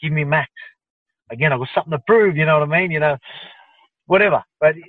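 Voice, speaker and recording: An Australian man in his thirties talks in a pumped-up, restless rush, circling back with fillers and repeats. His voice sits a touch high. It comes through a thin, phone-like video call line with no room sound. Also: fast, no echo. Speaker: interview guest, fighter. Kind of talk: remote interview answers. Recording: tinny phone-like line, dry.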